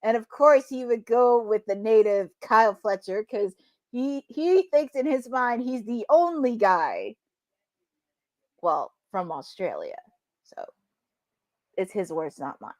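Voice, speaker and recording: A woman hosting a live watch-along, chatting excitably and laughing often as she reacts to the action. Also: a little high, takes it slowly, no room sound, clean studio sound. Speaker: host.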